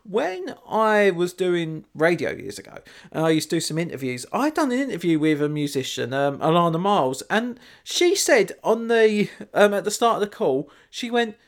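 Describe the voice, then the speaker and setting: A man's voice: high voice, big pitch swings, normal speed, hardly any pauses. A man telling rambling stories in casual chat, laughing often as a podcast co-host.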